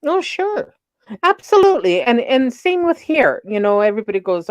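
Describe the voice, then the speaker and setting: A woman's voice: a little high, big pitch swings, normal speed, no room sound. A woman guest in a casual panel chat, talking in an agreeable, frank and conversational way.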